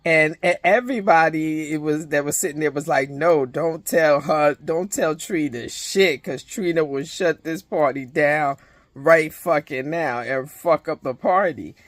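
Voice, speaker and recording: A woman's voice: low voice, measured pace, no echo. A woman giving a casual, profane recap of a reality show episode, retelling scenes animatedly with many restarts. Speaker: reality TV reviewer.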